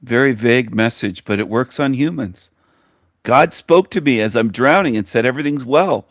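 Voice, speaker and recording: A man's voice: mid-range voice, moderate pace, no echo. A man hosting his own show, commenting on a video he plays, scornful and mocking as he rants. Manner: scornful, mocking, animated ranting. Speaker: host.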